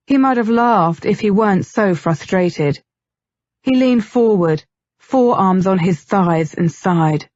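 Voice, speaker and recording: A woman narrating an audiobook in a measured, even storytelling manner. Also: mid-range voice, dry recording, muffled recording. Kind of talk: scripted narration.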